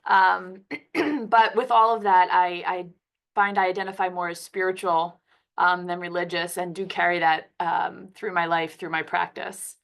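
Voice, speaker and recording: A woman's voice: lowish voice, fairly even intonation, measured pace, gravelly. A woman from Philadelphia, a physician who has a cold, giving a conversational webinar lecture over a computer mic. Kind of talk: webinar presentation.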